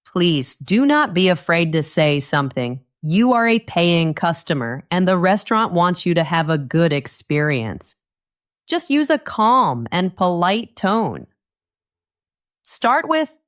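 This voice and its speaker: A woman narrating a scripted English lesson, speaking clearly and patiently and acting out short dialogue lines. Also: on the low side, very animated, unhurried. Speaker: English teacher.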